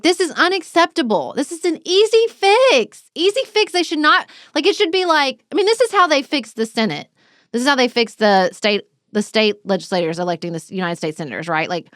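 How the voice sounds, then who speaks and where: A woman co-hosting a political podcast, talking in an animated way and thinking aloud. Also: a little high, dry recording, clean studio sound. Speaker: podcast co-host. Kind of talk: casual political chat.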